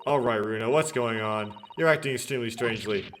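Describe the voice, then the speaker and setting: A man's voice: medium pitch, quick pace, close to an everyday voice. A man reading aloud as a puzzled young male lawyer in a game, in his own plain voice. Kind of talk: game dialogue read-aloud.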